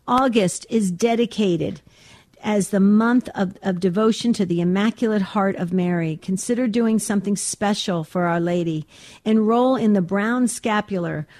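A woman's voice: medium pitch, darkish tone. A woman co-hosting a call-in radio show in a studio, speaking earnestly with some ums and restarts. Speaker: radio talk show co-host. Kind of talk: casual call-in radio talk. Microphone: studio mic.

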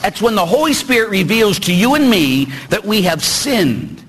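Husky, animated preaching priest. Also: male voice, high-pitched, normal speed, low-quality recording. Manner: animated, jokey preaching with acted-out dialogue. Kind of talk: sermon.

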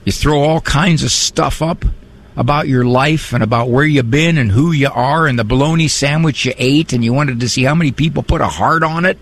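A man's voice: medium pitch, normal speed. A middle-aged man hosting a call-in radio show, talking in a conversational, wry way with preachy asides. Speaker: radio call-in host and psychologist. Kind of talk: talk-radio monologue.

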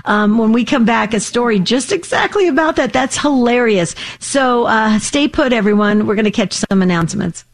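A middle-aged woman co-hosting a radio talk show, chatty and quick to exclaim in amusement. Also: fairly high pitch, animated, creaky. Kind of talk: casual chat.

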